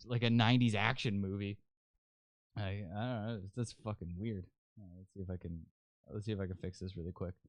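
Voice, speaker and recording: Crude, ranting man, smooth close voice. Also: on the low side, dry recording. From Canada. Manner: loud, crude and sarcastic, with frequent restarts. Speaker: podcast host. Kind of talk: ranting political commentary.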